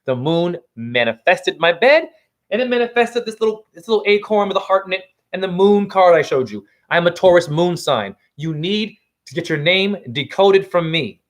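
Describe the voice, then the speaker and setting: A man's voice: high voice, lively intonation, normal speed. A man giving a profane, rambling, heated livestream rant as a self-styled spiritual teacher.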